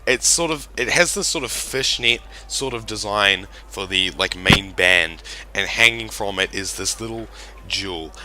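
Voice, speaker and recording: A man's voice: lowish voice, a little slow, heavy background noise. A man, narrating a tabletop game as game master in a rambling way and laughing often.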